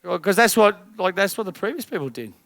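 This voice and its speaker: Blunt high-voiced coach. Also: male voice, quick pace, creaky, no echo, studio quality. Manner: blunt, swearing, rhetorical questions; energetic, rising loud at the end. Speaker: business coach. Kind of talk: coaching talk to a group.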